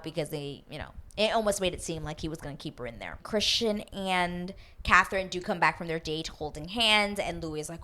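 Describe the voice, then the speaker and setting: A woman casually recapping a reality show, animated and swearing freely as she acts out quotes. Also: lowish voice, a little fast, few pauses.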